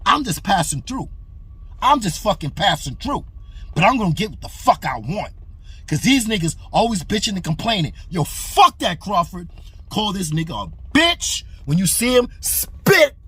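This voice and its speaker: Husky, heated man ranting about boxing. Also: high-pitched, very animated, normal speed, pushed and bright. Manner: heated, aggressive, repetitive and profane. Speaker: boxing commentary channel host. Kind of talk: profane opinion rant to camera.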